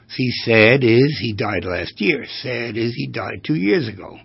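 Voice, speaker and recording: A man speaking as a therapist in a lecture-style monologue, animated and full of rhetorical questions, with a gravelly, husky voice. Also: medium pitch, unhurried, hardly any pauses, no echo. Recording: dull lo-fi recording.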